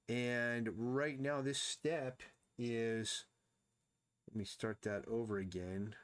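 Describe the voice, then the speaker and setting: A man's voice: mid-range voice, steady tone, slow, clear, resonant tone. A man thinking aloud and rambling casually while he draws on a live stream. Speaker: artist streaming his drawing.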